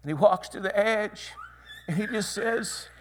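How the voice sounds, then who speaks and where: A man preaching a sermon, swinging from hushed whispers to loud dramatic cries. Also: sits high, unhurried.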